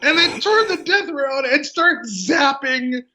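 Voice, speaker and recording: A man talking as a podcast guest, retelling a film with animated sarcasm. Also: extremely high pitch, a little slow. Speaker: podcast guest, game designer. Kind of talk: casual film discussion. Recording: dull lo-fi audio.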